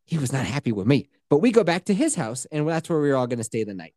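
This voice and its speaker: A man in his thirties from Colorado, hosting a podcast and telling a rambling story full of swearing. His pitch swings widely as he talks, and he laughs at his own jokes. The sound is close and dry. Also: big pitch swings, fast talker, warm tone, no room sound. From Colorado, USA. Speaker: podcast host. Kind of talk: casual storytelling chat.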